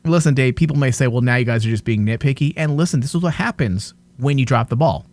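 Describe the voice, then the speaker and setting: A man's voice: medium pitch, quick pace, a little mellow, dry recording. A man co-hosting a casual TV review podcast, ranting in exasperation and swearing now and then. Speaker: podcast co-host.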